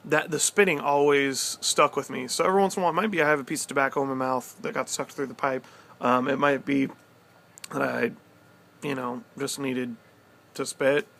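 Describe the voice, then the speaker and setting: A young man vlogging outdoors in the cold, telling a story in a loose, excitable, rambling way with casual swearing. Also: mid-range voice. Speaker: pipe-smoking vlogger. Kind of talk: casual vlog chat.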